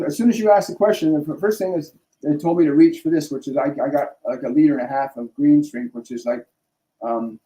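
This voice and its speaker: A man's voice: mid-range voice, mellow, rough recording. A middle-aged man hosting a live spiritual stream, speaking earnestly with restarts and tag questions. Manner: earnest, rambling, frequent restarts and "right?" tags. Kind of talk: casual spiritual talk.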